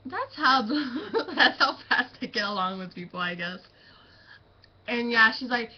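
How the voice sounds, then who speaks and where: A woman's voice: a little high, animated, unhurried, slightly rough, dull audio. A teenage girl chatting about teachers to her camera, rambling with lots of fillers and breaking into giggles. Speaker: student vlogger. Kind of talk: casual storytelling.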